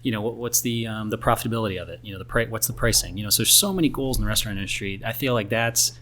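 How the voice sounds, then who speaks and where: Fast-talking chatty male podcast host. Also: lowish voice. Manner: energetic, chatty, lots of fillers. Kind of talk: casual podcast chat.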